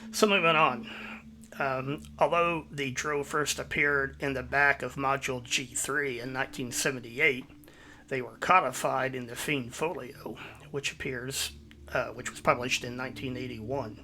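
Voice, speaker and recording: A man hosting his own video, giving a measured, explanatory voice-over. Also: medium pitch, steady tone, bright, forceful tone. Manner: measured, explanatory, citing sources. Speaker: YouTube host.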